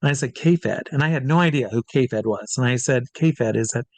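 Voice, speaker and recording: A man, a drag performer and hypnotist, telling a lively anecdote as an interview guest, acting out the quoted voices and swearing freely. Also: medium pitch, fairly quick, no room sound. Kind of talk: casual storytelling in an interview.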